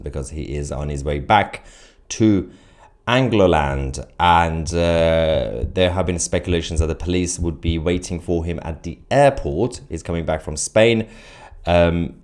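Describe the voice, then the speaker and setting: Deep-voiced man hosting a live stream. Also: a little mellow. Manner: chatty with many fillers and restarts, laughing often. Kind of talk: casual live stream commentary reading viewer chats.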